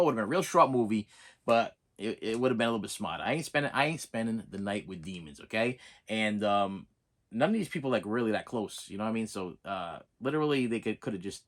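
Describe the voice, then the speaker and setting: A man's voice: medium pitch, fairly bright tone. A man casually reviewing horror movies on a vlog, rambling with many restarts and repeats, laughing often and checking in with "okay?".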